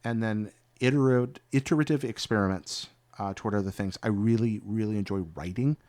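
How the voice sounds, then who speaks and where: A male podcast host with a lowish voice who asks quick, curious questions and reacts with lively surprise. He rambles a bit when he answers. The sound is dry and close, with no room echo. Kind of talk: casual interview chat.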